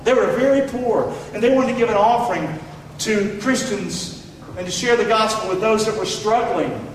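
High-voiced preacher in an echoey hall. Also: male voice, normal speed, distant mic, a little hiss or hum. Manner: emphatic, calls for congregation response. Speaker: pastor. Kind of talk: sermon.

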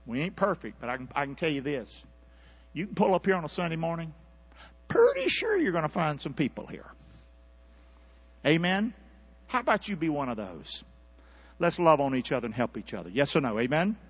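A male preacher giving a sermon in a folksy manner, coaxing the congregation to repeat lines with him, moving between hushed asides and loud, rising calls. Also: on the high side, sing-song, a little fast, pauses often, husky. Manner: call-and-response, coaxing the congregation to repeat along. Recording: dull lo-fi recording with mains hum.

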